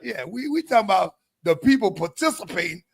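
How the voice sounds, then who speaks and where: A man, co-hosting a casual chat and handing out advice in animated, preachy lists. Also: high voice, fairly quick, gravelly, slightly rough, dry recording. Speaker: co-host.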